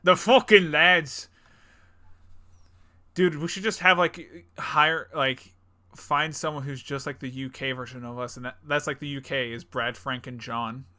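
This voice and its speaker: A man's voice: fairly high pitch, fairly even intonation, measured pace, sharp tone. A young man co-hosting a podcast in casual chat, jokey and rambling, laughing often. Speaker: podcast co-host.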